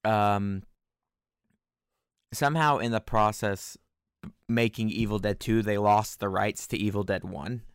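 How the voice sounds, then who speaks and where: A man chatting casually at a desk microphone as he watches a movie, tossing out joking, animated asides. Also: fairly low pitch, measured pace, long pauses, clear, resonant tone, no echo, clean studio sound.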